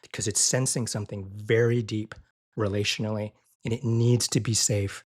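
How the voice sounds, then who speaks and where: A man talking as a podcast guest in an earnest, conversational way, often repeating and restarting phrases, and his voice lifts higher and softer when he quotes tender words. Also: little pitch movement, normal speed, slightly rough. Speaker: guest, physician and IFS therapist.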